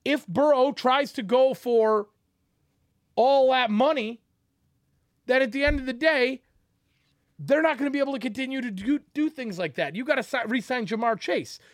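High-voiced man breaking down football. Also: normal speed, dry recording, clean studio sound. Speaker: sports podcast co-host. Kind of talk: casual sports debate.

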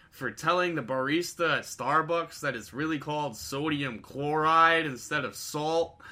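Young man, casual podcast chat, laid-back, bright voice, filler-heavy. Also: mid-range voice, slow. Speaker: podcast co-host.

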